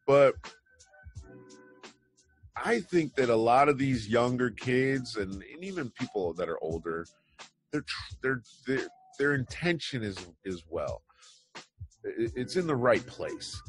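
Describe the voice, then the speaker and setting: A man's voice: mid-range voice, very animated, takes it slowly, long pauses, faint music behind. Rambling opinionated man hosting news chat. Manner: rambling, opinionated, wry asides. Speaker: news show host. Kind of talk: casual commentary on news headlines.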